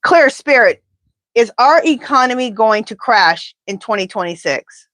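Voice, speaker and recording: Woman, pendulum reader, animated and indignant, fairly high voice, dry sound. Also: measured pace, no echo. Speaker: tarot reader. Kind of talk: live pendulum reading and chat.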